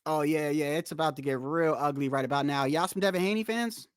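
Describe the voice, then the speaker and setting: A man's voice: a little high, a little fast, clean tone, no echo, clean studio sound. A man hosting a live stream, talking bluntly and with a lot of cursing while he answers viewers in chat. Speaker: livestream host. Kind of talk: casual live-stream rant.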